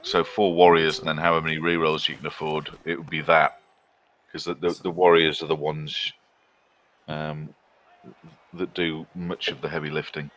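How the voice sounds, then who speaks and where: A man's voice: extremely low pitch, flat delivery, normal speed, a bit bright, rough recording. A man casually commenting on a board-game match from home, chatty and analytical. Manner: chatty, analytical, breaks off to talk to his cat.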